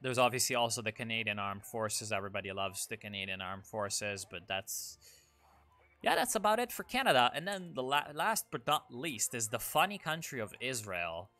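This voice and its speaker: Rambling, sarcastic young gaming commentator. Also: male voice, mid-range voice, very animated, normal speed, sharp tone, soft background music. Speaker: gaming YouTuber. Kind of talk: casual game commentary.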